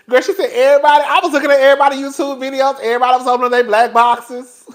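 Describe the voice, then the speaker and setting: A man's voice: very high-pitched, very fast. A man hosting a casual gossip commentary stream, laughing often and talking in a profane, sassy way. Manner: laughing, animated, profane, sassy, talks to the chat as "girl". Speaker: YouTube commentary host.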